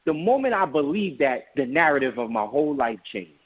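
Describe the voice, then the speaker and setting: Husky man telling a motivational story. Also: fairly high pitch, big pitch swings, fairly quick, highs cut off. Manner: storytelling, emphatic and preachy. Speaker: guest, business owner. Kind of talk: motivational interview talk.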